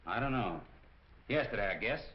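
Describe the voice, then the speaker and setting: An actor playing a curt, dismissive crook who runs a shady business, in 1940s film acting. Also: male voice, lowish voice, animated, moderate pace, lightly acted. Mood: breezy. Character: hard-nosed male crook running a shady business. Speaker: criminal boss. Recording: dull old film soundtrack.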